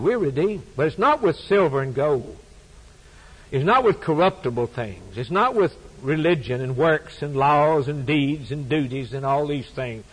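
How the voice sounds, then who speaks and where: A man's voice: mid-range voice, animated, unhurried, breathy edge, rough recording. A man preaching a sermon, with an emphatic, repetitive preaching cadence.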